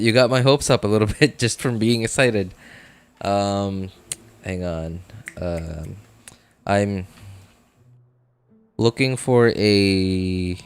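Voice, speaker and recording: A man with a lowish voice talks loosely to his stream audience while he plays, rambling from thought to thought in a self-deprecating way. His talk is packed with "like", "uh" and restarts. Faint game music plays under him. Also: clear, resonant tone. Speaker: gaming streamer. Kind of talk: casual live-stream chat while playing.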